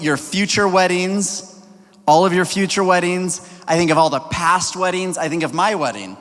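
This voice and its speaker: A young male youth pastor with a slightly high voice tells a story to a youth group and gets them chanting back to him. His voice rings out with a long reverb from a large indoor hall. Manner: energetic, leads the crowd in call-and-response.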